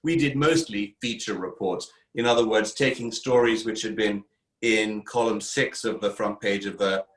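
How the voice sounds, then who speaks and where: Articulate Englishman with a low voice. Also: echoey room, low-quality recording. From Kent, England. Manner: articulate, measured storytelling. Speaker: guest. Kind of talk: interview.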